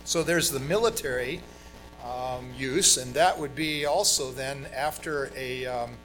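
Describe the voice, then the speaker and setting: Man, pastor, middle-aged, raised in Brazil, relaxed sermon delivery, emphatic stresses, soft music in background. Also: medium pitch, a little slow, poor audio. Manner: conversational, with fillers and emphatic stresses.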